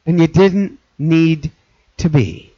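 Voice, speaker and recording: Middle-aged man, pastor, earnest sermon delivery, fairly high voice, dry muffled lo-fi recording. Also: takes it slowly, mellow, slightly rough, no echo. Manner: earnest preaching with repeated phrases and restarts. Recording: dull lo-fi recording.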